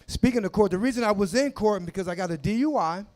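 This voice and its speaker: A man in his forties doing a crude, animated stand-up set on a comedy club stage, shouting his punchlines into a handheld mic. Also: high-pitched, fast talker. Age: 40s. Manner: loud, crude, animated storytelling with shouted asides.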